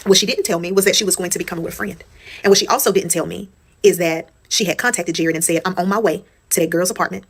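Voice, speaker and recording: A woman's voice: on the low side, fairly even intonation, fast talker, husky. A woman telling a personal story in casual storytime style. She talks straight to her viewers, swears freely and repeats phrases for emphasis.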